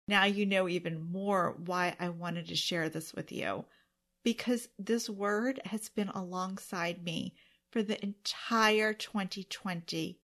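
A woman's voice: medium pitch, steady tone, slow, a bit bright. A woman hosting her own podcast alone, talking earnestly and emotionally to her listeners. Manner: emotional, earnest, tearful at times. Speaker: podcast host. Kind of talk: solo podcast monologue.

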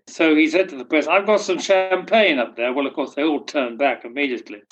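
A man's voice: medium pitch, muffled recording. An older man, wryly telling anecdotes in an interview. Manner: dry, wry humor. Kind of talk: storytelling anecdotes.

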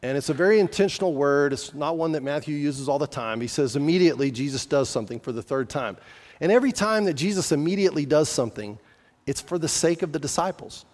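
A man's voice: on the high side, lively intonation, fast talker, a little mellow, big-room sound. A man preaching a sermon in an earnest, conversational way, often asking the listeners questions. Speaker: pastor.

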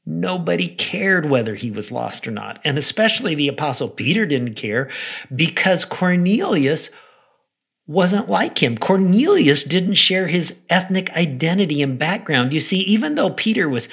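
A man preaching a devotional podcast message, telling a story with animated delivery. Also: a little high, moderate pace, slightly rough. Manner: animated storytelling, acts out quoted voices; soft, prayerful close. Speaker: pastor.

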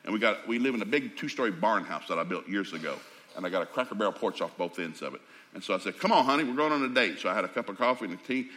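Folksy fast-talking preacher man. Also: medium pitch. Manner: folksy, animated, jokey storytelling. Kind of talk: sermon with storytelling.

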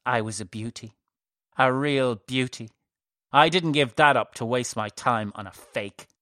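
A man putting on a sneering old high priestess. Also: unhurried, dry recording, studio quality, lightly acted. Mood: spiteful. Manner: harsh, sneering and loud. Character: scornful haughty old woman high priestess.

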